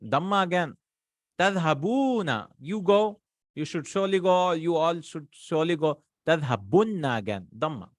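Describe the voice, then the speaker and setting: A man with a fairly high voice explains Arabic grammar patiently. He moves between English and Arabic and often checks in with "hmm?" or "right?". The recording is dry and close, with no room sound. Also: animated, moderate pace, no room sound. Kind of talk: online grammar lesson.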